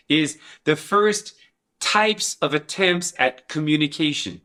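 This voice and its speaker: A man's voice: mid-range voice, pushed and bright. A man explaining a teaching method in a lecture, asking rhetorical questions and demonstrating with babbled and sung syllables. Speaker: educator presenting a teaching method.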